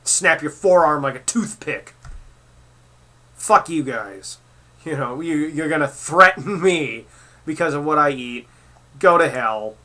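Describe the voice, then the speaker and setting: A man tears into his target in a heated, foul-mouthed rant. His voice sits a bit high and rings very bright and sharp, mocking and cutting as he goes. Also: expressive, slow, long pauses. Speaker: commentary vlogger. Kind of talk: angry rant reacting to clips.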